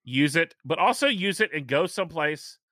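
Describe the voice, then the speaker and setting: Chatty man with a bright voice. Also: on the high side, expressive, no echo, studio quality. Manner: chatty, emphatic, repeats points slowly for stress. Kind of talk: casual chat.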